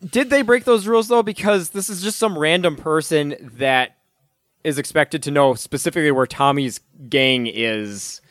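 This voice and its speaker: A man's voice: fairly high pitch, moderate pace, a bit bright, dry recording. Wry man co-hosting, dry close sound. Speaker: podcast co-host. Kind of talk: casual chat.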